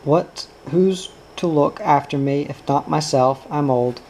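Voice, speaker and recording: A man's voice: fairly high pitch, a little slow, noisy background. A man reading as a weary old farm widow. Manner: plainspoken and mournful. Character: older widowed farm woman, weary and pious.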